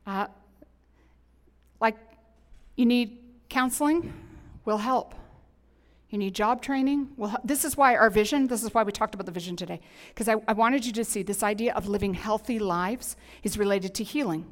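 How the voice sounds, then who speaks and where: A middle-aged woman pastor preaching a sermon in an animated, emphatic, conversational way with humorous asides. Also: mid-range voice, normal speed. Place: church sanctuary. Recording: long hall reverb.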